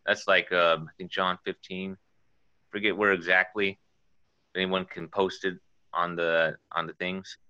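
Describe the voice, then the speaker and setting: A man with a very low, strikingly bright and forceful voice shares an earnest testimony, wandering between stories and scripture quotes. The sound is dry and dull, like a lo-fi recording. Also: little pitch movement, measured pace, clear, resonant tone, no echo. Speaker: guest sharing testimony. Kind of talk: informal spoken testimony.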